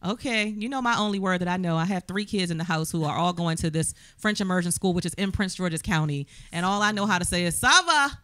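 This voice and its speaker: A woman's voice: on the low side, fast, hardly any pauses, no room sound. A woman in her thirties hosting a casual interview, upbeat and playful, laughing easily. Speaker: talk show host.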